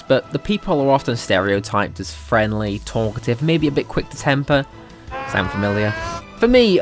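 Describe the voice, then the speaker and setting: A Welsh man doing casual video commentary, talking animatedly and sarcastically and swearing freely. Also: medium pitch. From Wales. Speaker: YouTuber.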